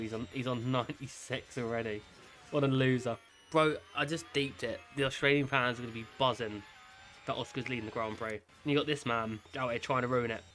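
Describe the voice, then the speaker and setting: A man narrating his racing management game playthrough in a mid-pitched voice, talking his drivers through every move. Game music sits faintly behind him. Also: fairly bright tone. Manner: chatty, cheers drivers on. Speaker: gaming creator. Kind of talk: excitable gameplay commentary.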